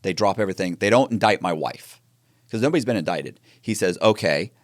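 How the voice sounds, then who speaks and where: A man telling his story in an interview, animated and acting out the dialogue with frequent restarts. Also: low voice, a little fast, no room sound, studio quality. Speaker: interview guest.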